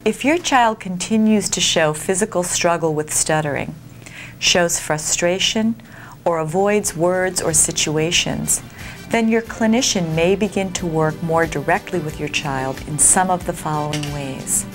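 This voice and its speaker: A woman reads scripted informational narration in a lowish voice. Clear background music plays under her voice-over. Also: a little slow.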